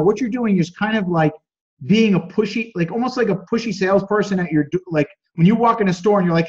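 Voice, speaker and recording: The recording is muffled as a brisk man leads a group call in a relaxed coaching style. He reads chat messages, offers critique, and voices quoted lines with lively shifts in pitch.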